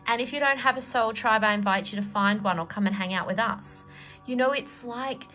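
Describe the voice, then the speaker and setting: Here the middle-aged tarot reader and energy healer sounds fairly high, brisk, pushed and bright, with faint music in the background. Chatty and meandering, she laughs often and leans on fillers during her casual reading.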